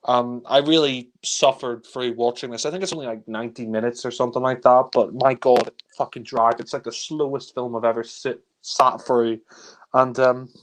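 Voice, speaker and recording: A man's voice: mid-range voice, steady tone, moderate pace. Ranting man reviewing films. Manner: ranting, exasperated, heavy swearing. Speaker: film reviewer co-host. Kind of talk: casual film review chat.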